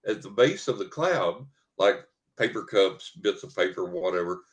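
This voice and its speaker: An older man from West Texas, a podcast guest telling a personal story in a lively way. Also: low-pitched, moderate pace, hardly any pauses. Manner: animated storyteller who acts out what people said.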